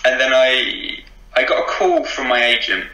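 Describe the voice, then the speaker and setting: A man's voice: medium pitch, moderate pace, pushed and bright, echoey room, low-quality recording. A man with a posh English accent, chatting about his acting work in an interview, with many ums and frequent laughs. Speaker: actor interviewed as guest. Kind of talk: casual interview chat.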